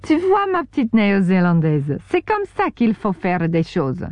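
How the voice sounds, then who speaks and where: A woman's voice: medium pitch, huge pitch swings, moderate pace, darkish tone, dry recording. A woman voicing a brash, bossy French woman cook who scolds in a French accent. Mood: lecturing. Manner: scolding, theatrical.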